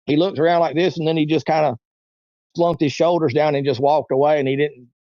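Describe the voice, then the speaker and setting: A man in his forties tells a long story in a loose, rambling way, with a voice a little higher than most men's. The sound is muffled and a bit lo-fi, and it is very dry with no room around it. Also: steady tone, brisk, dry recording. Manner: rambling, acts out quoted voices. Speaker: interview guest. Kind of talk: casual storytelling.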